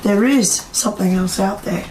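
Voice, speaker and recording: A woman's voice: mid-range voice, normal speed, darkish tone, slight background noise. A woman, a psychic medium, telling a story to an audience in a chatty way and asking them questions. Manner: chatty, quotes people in acted voices, asks the audience questions. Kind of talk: storytelling talk to a live audience. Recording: echoey room with faint ambience.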